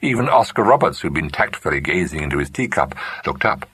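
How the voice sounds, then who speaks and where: Deep, husky male audiobook narrator. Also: lively intonation, brisk, fairly bright tone. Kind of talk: scripted narration.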